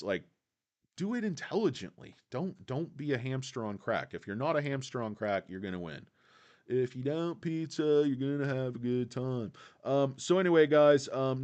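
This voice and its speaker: A man's voice: mid-range voice, a little mellow. A man hosting a casual livestream, rambling in a laid-back way, answering chat and peppering his talk with "guys.". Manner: quotes film lines in put-on voices. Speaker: livestream host reading chat.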